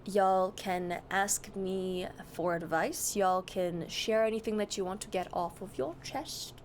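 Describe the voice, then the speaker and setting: A woman's voice: medium pitch, measured pace, slight background noise. A young woman streamer chatting casually, greeting and answering her chat with a giggly, easygoing manner.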